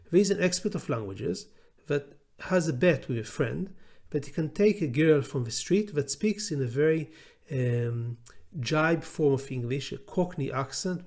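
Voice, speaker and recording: A man's voice: on the high side, darkish tone. A middle-aged man with an Israeli accent, a law professor giving an unscripted lecture, hesitant with many fillers and restarts.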